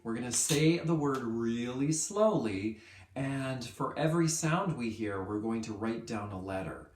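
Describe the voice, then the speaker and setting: A man teaching a lesson to small children, speaking at an unhurried, deliberate pace in a voice of middling pitch. He is upbeat and draws words out sound by sound. The recording carries a noticeable echo from the room. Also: slight background noise. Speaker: kindergarten teacher.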